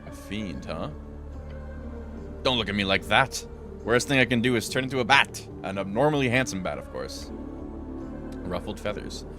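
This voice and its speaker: Low-voiced man reading game dialogue aloud. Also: animated, moderate pace, long pauses, over music. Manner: reads lines in varied character voices, interjects dry remarks. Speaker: streamer playing a role-playing video game.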